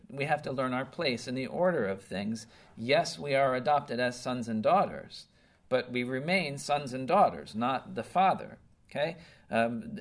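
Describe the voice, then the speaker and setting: Earnest male preacher checking in with listeners. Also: medium pitch. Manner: checks in often with "okay?" and "right?"; earnest, emphatic, with some restarts. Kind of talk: conversational sermon.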